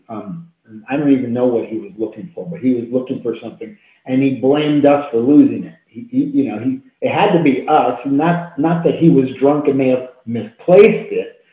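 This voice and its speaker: A man in his fifties, a talk show guest telling a deeply personal story in an earnest, heartfelt way with repeated phrases, over a video call. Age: 50s. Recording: tinny phone-like echoey call audio.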